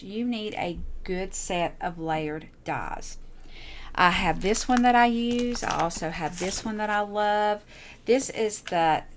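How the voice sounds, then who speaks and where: Her voice sits on the low side and sounds a bit bright. Hosting a crafting channel, she chats casually and gushes over her handmade pieces, repeating herself as she shows them off.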